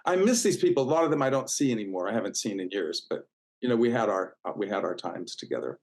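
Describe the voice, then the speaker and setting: A man's voice: fairly low pitch, very animated, quick pace, poor audio. A man in his sixties, a guest in a casual interview, telling stories in a chatty way with many fillers and restarts. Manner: warm, chatty, full of fillers and restarts, acts out quoted voices.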